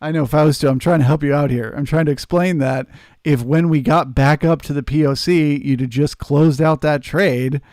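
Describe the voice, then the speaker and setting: A man's voice: on the high side, fairly even intonation, normal speed, a little mellow, no echo, clean studio sound. A man hosting a live trading stream, answering chat and coaching viewers in an earnest, emphatic way. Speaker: trading livestream host.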